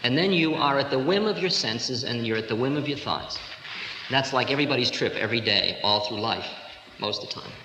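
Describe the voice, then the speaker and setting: A man's voice: mid-range voice, expressive, a little fast, sharp tone. A man in his forties giving a humorous, storytelling spiritual lecture to a live audience. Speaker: spiritual teacher. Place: lecture hall. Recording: echoey 1970s hall recording with hiss.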